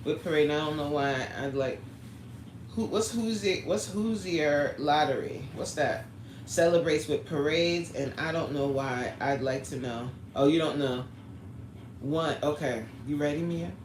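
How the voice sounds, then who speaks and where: A woman's voice: sits low, a little slow, darkish tone. A woman hosting a casual livestream, chatting with viewers by name and launching into a story. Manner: chatty, answers the live chat by name, storytelling. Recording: roomy echo, faint background noise.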